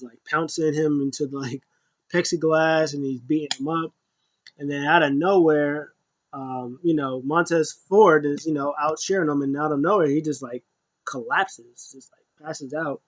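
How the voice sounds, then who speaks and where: A man casually recapping a wrestling show, rambling with lots of fillers and restarts. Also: muffled recording. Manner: rambling, many fillers and restarts, acts out quotes in a high voice.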